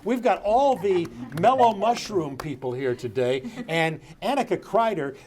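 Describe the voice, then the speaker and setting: A man's voice: fairly high pitch, a little mellow. A man hosting a sports show in a studio, talking casually and joking with his guests. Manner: jovial, joking.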